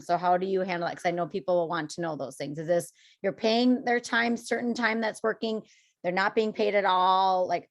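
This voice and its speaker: A woman from Minnesota hosting a podcast, upbeat and chatty as she asks her guests questions. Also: lowish voice. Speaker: podcast host. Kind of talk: casual podcast conversation.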